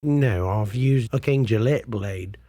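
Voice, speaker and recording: A man co-hosting a podcast in a casual chat, teasing with a deadpan delivery and wordplay. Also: lowish voice, slow, no room sound, clean studio sound. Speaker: podcast co-host.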